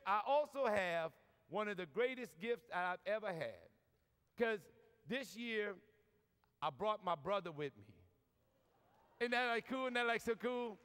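A man's voice: sits high, a bit bright, clean tone. A man with a New Orleans accent, a priest giving a folksy, joking talk to a large audience. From New Orleans, USA. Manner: folksy, joking, lots of y'all. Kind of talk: preaching talk with humor. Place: large convention hall. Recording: long reverb from a large hall.

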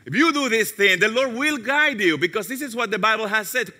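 A male pastor preaching a sermon, telling a story and dropping softly into quoted prayers. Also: high voice, lively intonation, fairly quick. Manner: storytelling, drops to soft tones for quoted prayers. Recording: long hall reverb.

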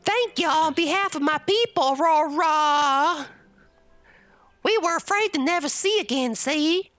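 A woman voicing a sorrowful young princess, reading game dialogue aloud in a high, tearful, theatrical way. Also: lively intonation, unhurried, a bit bright, no room sound, faint music behind. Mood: earnest.

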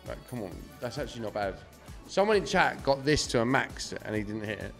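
A man's voice: mid-range voice, very animated, brisk, gravelly, soft background music. A young man doing casual live-stream commentary, swearing freely and chatting to his viewers. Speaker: slot streamer.

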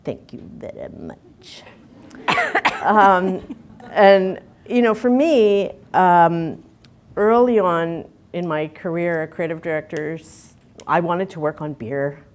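A woman's voice: fairly low pitch, slow pace, darkish tone. A middle-aged woman, giving a candid conference talk full of fillers and restarts. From Canada. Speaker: conference speaker.

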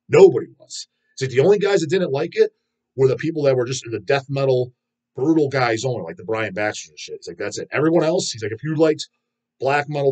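Husky dude ranting on his metal channel, cussing nonstop, kinda scornful. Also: mid-range voice. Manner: profane, rambling and scornful. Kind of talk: casual ranting vlog.

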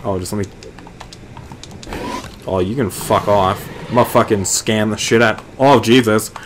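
A man's voice: lowish voice, a little slow, noisy background. A young man giving rambling, profane, joking commentary while playing a video game. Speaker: gaming video host. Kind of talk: casual gameplay commentary. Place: indoors at home, late at night.

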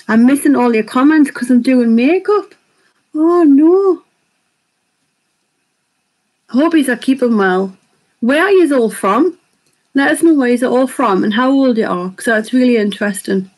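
A woman, chatting quickly while hosting a live makeup tutorial and reading viewer comments aloud. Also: on the high side, animated, a little mellow, poor audio. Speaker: beauty vlogger hosting a live stream.

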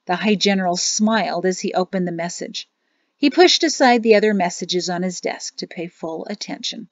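A woman's voice: lowish voice, normal speed, no room sound. Woman reading a storybook in a closet. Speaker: teacher reading an audiobook. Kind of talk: storybook narration. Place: home closet. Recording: dull lo-fi, dry closet sound.

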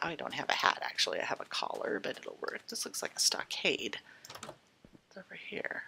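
A woman's voice: lowish voice, very animated, normal speed, gravelly, pushed and bright. A woman giving casual let's-play commentary, chatting to the game's characters and slipping in and out of half-whispers. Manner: chatty, talks to game characters, drifts in and out of whispers. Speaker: gameplay host.

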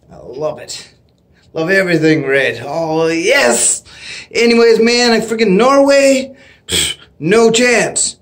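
Excitable middle-aged vlogger from canada, recording at home, casual, laughs a lot, high lively voice. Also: male voice. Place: home, indoors.

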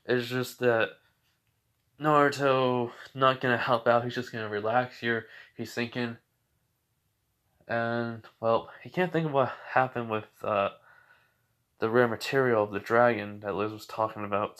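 A man's voice: medium pitch, fairly bright tone. Rambling young man telling a story. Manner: rambling, full of fillers and self-corrections. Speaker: fan fiction storyteller. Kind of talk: improvised casual storytelling.

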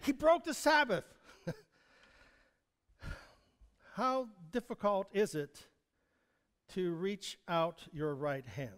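High-voiced preaching man in a reverberant hall. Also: fairly bright tone. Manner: conversational, chuckling, questions the congregation. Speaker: pastor. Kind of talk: sermon. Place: church sanctuary.

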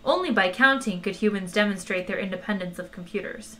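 Bright-voiced woman with a tired voice. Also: medium pitch, brisk. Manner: chatty, relaxed sign-off. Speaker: audiobook reader. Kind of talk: casual reading of a novel aloud.

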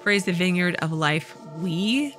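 A woman's voice: lowish voice, lively intonation, a little slow, fairly bright tone, soft background music. A woman voicing a cheerful, preachy male cult chanter in a video game, reading in a gushing sing-song way.

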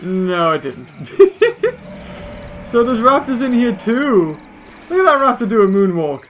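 Gamer guy, high voice swinging all over, hyped let's play commentary. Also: measured pace, a little hiss or hum. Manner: excitable, exclaiming at the action. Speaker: gaming video host.

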